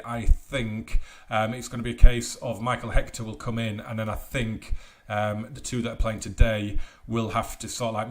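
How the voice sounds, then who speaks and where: A young man hosting a let's play, commentating a football management game with mumbled asides and sudden loud outbursts. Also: medium pitch. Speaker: gaming channel host.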